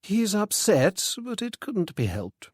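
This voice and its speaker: A man's voice: high-pitched, huge pitch swings, takes it slowly, dry recording, clean studio sound, pitched above the performer's own voice, full character voice. A man voicing a middle-aged widowed society lady who speaks hesitantly and mournfully, in a storybook reading. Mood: anxious, sorrowful.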